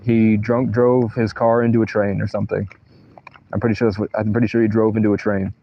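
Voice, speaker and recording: A man's voice: fairly low pitch, little pitch movement, brisk, lo-fi sound. A man livestreaming from a tent in a thunderstorm, rambling through personal stories with profanity and unfinished sentences. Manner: meandering, profane, trails off mid-sentence. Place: inside a tent during a thunderstorm.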